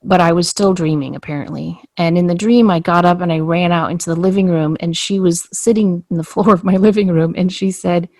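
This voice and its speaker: Animated storytelling woman, low and dry. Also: fairly quick, hardly any pauses, no echo. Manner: animated storyteller, acts out quoted dialogue. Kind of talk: casual podcast conversation.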